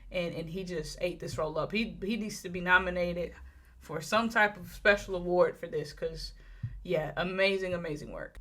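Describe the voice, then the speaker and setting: Bright-voiced chatty woman reviewing movies. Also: lowish voice. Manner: enthusiastic, chatty, many fillers and restarts.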